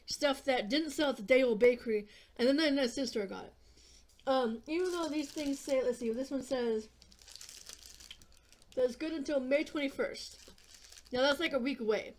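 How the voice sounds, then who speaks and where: A woman's voice: sits high, normal speed, long pauses. A woman vlogger chatting casually on camera while eating snacks, rambling and offhand, with fillers and some swearing. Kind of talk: casual eating vlog chat.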